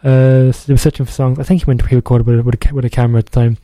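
A man's voice: medium pitch, little pitch movement, very fast, dark tone, dry recording. A young man hosting a music radio show, chatting casually in a rambling way and often correcting himself. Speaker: radio DJ host.

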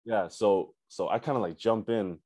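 Young male guest, low-pitched, casual slangy storyteller, dry close sound. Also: moderate pace, warm tone, dry recording. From Canada. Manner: laid-back slangy talk with many fillers and profanity. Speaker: musician guest.

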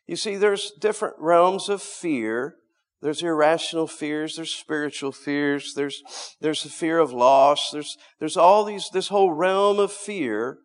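A middle-aged man preaching a sermon, swinging between loud emphatic lines and hushed low asides, often repeating words as he restarts. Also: unhurried.

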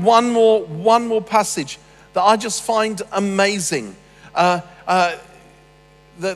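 Male preacher, witty and animated, fairly high voice, long hall reverb with faint music under him. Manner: humorous, animated storytelling with asides. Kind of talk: sermon.

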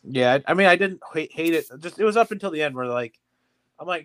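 A man's voice: fairly high pitch, expressive, quick pace, fairly bright tone, clear, resonant tone, dry recording. A man co-hosting a podcast in casual chat, joking and profane, often laughing at his own bits. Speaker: podcast co-host.

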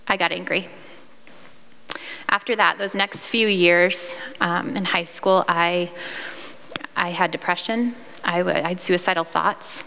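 A woman's voice: lowish voice, steady tone, measured pace, gravelly, long pauses, bright, forceful tone, long reverb tail, a little hiss or hum. A woman in her thirties from Iowa, sharing her personal testimony in a candid, earnest storytelling way, with fillers and restarts. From Iowa, United States.

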